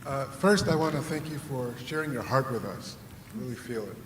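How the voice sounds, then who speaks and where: A man's voice: mid-range voice, lively intonation, fairly quick, background noise. A man in the audience asking a two-part question at a conference, hesitant and full of ums. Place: conference hall. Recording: echoey hall with crowd.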